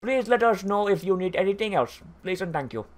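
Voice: mid-range voice, expressive, fairly quick, a little mellow, pitched above the performer's own voice, natural voice. A speaker voicing a bored male call-center operator with an Indian accent and polite, scripted patter. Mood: bored politeness.

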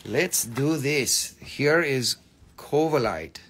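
Selling rocks and minerals on a livestream, this host talks slowly with lively intonation in a medium-pitched, slightly bright voice, over faint background noise. His casual sales chat is full of jokes, casual profanity, and teasing of viewers.

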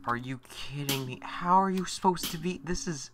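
A man's voice: on the high side, moderate pace, background noise. A man giving let's play commentary, exasperated and swearing as he talks to himself. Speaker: gameplay commentator. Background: game music.

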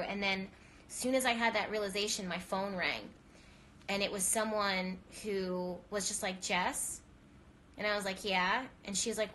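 Crying on her live stream, a woman who works as a spiritual reader speaks earnestly in a rambling monologue full of restarts, her voice trembling. It is mid-range, pushed and bright, with a little hiss or hum in the recording.

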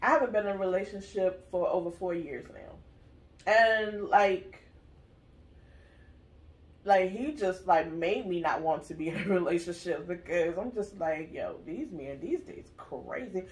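A woman's voice: fairly low pitch, measured pace. A woman hosting her channel, telling a personal story in casual chat with an emphatic, direct manner. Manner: emphatic, storytelling, addresses viewers as y'all. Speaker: channel host, mother.

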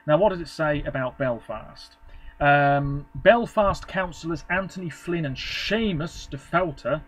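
A man's voice: fairly high pitch, unhurried, faint music behind, rough recording. A man vlogging, casually reading from web pages with rambling, offhand commentary and frequent self-corrections.

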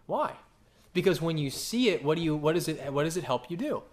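A man preaching a sermon, animated and full of questions he answers himself, sometimes acting out voices. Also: a little fast. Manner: animated, acts out quoted voices with big pitch jumps; asks the congregation questions and answers them. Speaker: pastor.

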